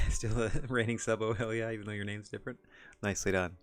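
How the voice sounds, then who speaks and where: A man's voice: fairly low pitch, fairly even intonation, quick pace, faint music behind. A man streaming a wrestling management game, chatting casually in a rambling, self-deprecating way. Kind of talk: casual gameplay commentary.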